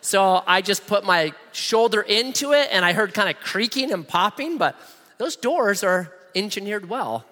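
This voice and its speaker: Lively high-voiced preacher in a hall. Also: male voice, normal speed. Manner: animated, humorous, acts out voices. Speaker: pastor. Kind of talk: sermon with personal storytelling. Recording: long reverb of a large hall.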